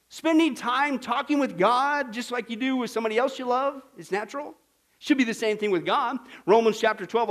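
A pastor delivering a lively sermon, his voice sitting high for a man. He keeps it humorous and animated, throwing questions at the congregation and acting out small scenes to make his point.

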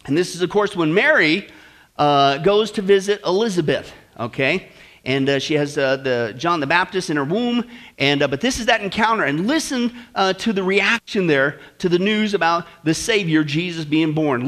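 A man preaching a sermon, asking the congregation rhetorical questions and breaking into excited whoops. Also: sits high. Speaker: pastor.

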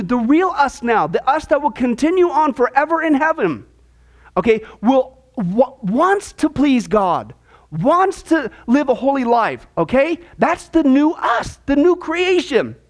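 A man's voice: very high voice, sing-song, a little slow. A man teaching a discipleship class on the Bible, talking emphatically and checking in often with "okay?".

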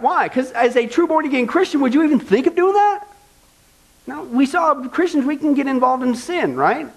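A man preaching a sermon as pastor, emphatic, firing rhetorical questions at the congregation. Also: very high voice.

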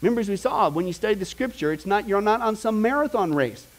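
Middle-aged male Bible teacher, high-pitched, animated and conversational, mimics the people he quotes. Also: quick pace, rough recording.

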